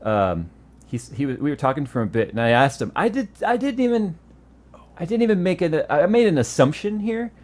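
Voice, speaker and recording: A man's voice: fairly high pitch, a little fast. A man from the United States hosting a casual tech podcast, telling stories with lots of laughing and swearing. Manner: animated storyteller, swears and laughs freely. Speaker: tech show host.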